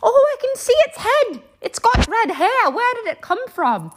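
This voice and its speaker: A cheeky Irish midwife jokes in a high, bright voice, as a woman puts her on. Her tone is playful and sounds a little distant from the mic. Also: big pitch swings, unhurried, a little hiss or hum, exaggerated voice. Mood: teasing.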